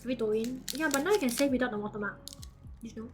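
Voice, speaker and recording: A woman's voice: on the high side, fast talker, slight background noise. A woman chatting casually as a streamer, giggly and chatty with loose grammar. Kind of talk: casual reaction chat.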